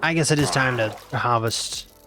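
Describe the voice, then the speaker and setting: A man's voice: medium pitch, normal speed, over music. A nineteen-year-old man, chatting casually and teasingly as a game streamer reacting to his chat. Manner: playful and teasing, repeats himself.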